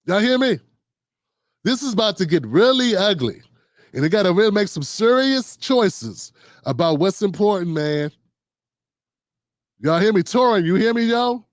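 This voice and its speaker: A middle-aged man hosts a loose political commentary stream, riffing in slang and slipping into quoted voices. His voice sits high for a man. The sound is dry and close to the mic, with no room around it. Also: very animated, normal speed, pauses often, no room sound. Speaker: host. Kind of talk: casual political commentary livestream.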